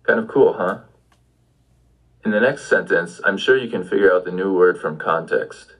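A man's voice: sits low, moderate pace, breathy edge, poor audio. A man giving an audio language lesson, patiently prompting the listener with questions. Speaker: language teacher.

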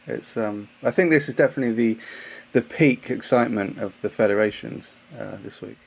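Man, football pundit, casual and enthusiastic, mid-pitched voice. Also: a little fast, creaky, slightly rough. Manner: enthusiastic, with restarts and fillers. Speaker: studio pundit. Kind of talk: casual sports discussion.

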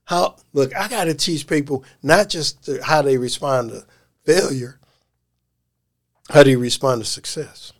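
A man, a life coach, telling stories in a casual interview; he is animated, laughs often and uses slang. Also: medium pitch, a little slow.

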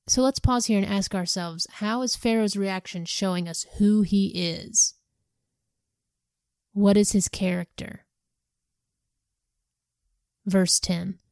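A woman hosting a Bible study podcast, reading scripture aloud calmly and earnestly and pausing for reflective questions to her listeners. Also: mid-range voice, clean tone, no echo.

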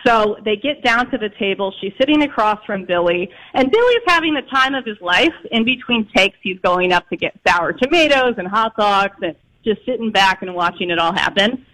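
A man from Chicago is a guest author in an interview. He tells anecdotes briskly, with lots of little fillers. His voice has a bright, forceful edge. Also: high voice, rough recording. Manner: lively anecdote-telling with fillers. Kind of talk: storytelling interview.

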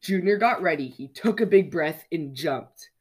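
A podcast storyteller reading a children's picture book aloud with a lively, expressive delivery. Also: mid-range voice, moderate pace, husky.

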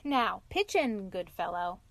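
A woman voicing an excitable male water rat in a storybook reading, bright and eager. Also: medium pitch, slow, no room sound. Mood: cheery.

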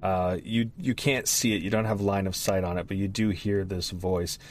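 Male game master, lower voice, calm and matter-of-fact, faint noise behind. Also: normal speed. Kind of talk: tabletop game narration.

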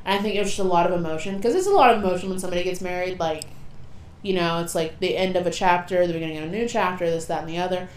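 A young woman co-hosting a podcast, telling a story in a casual, animated way and swearing freely. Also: fairly low pitch, very fast. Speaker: podcast co-host. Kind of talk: casual chat. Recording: echoey room with faint noise.

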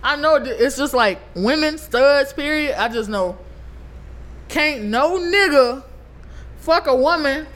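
A woman's voice: high-pitched, takes it slowly, fairly bright tone. A woman with a Louisiana accent, a guest in a casual podcast chat, brash, boastful and joking.

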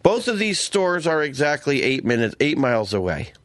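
A man in casual podcast banter, speaking in an animated, expressive way. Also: fairly high pitch, normal speed, slight background noise.

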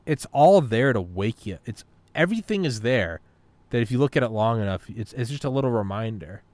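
A man's voice: mid-range voice, expressive, fairly quick, darkish tone, no echo. A man in casual podcast chat, rambling, swearing and philosophizing as he talks. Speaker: podcast talker.

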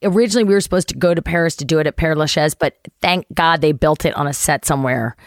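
A middle-aged actress telling a story as an interview guest, animated, swearing and acting out quotes. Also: female voice, fast talker, no room sound, clean studio sound. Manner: animated, acts out quotes with big pitch jumps, swears. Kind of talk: lively anecdote telling.

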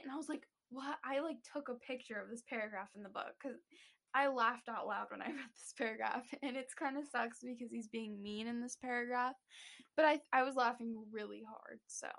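A woman's voice: on the high side, creaky, a bit bright. A woman co-hosting a podcast in casual chat, chatty and giggly, saying "like" often. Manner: chatty, giggly, says "like" a lot. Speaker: podcast co-host.

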